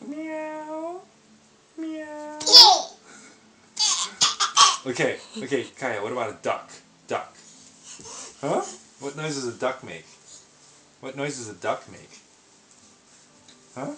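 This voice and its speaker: A woman's voice: very deep voice, animated, unhurried, long pauses, reverberant, background noise. A woman, a parent, coaxing her toddler in a sing-song voice with playful animal sounds, recorded at home on a video camera. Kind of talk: talking to a toddler.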